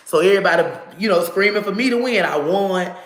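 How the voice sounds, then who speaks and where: A woman telling a personal story to camera in a casual, animated way, swearing freely and acting out what people said. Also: medium pitch, fast talker, roomy sound. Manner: animated, profane, acts out dialogue.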